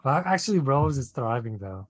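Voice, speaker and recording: A man's voice: medium pitch, sing-song, normal speed, no room sound. A man co-hosting a casual chat, hesitant and full of fillers, laughing often. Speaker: podcast co-host.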